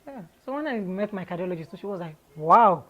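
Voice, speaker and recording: A Nigerian woman, an interview guest, telling her own story in a candid, lively way and laughing often. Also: mid-range voice, fast talker, muffled recording.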